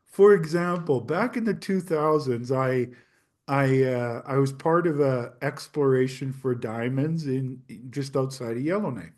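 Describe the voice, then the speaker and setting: A man's voice: medium pitch, a little slow, a little mellow. A man hosting an interview, mostly reacting briefly and encouragingly before telling a story of his own. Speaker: host.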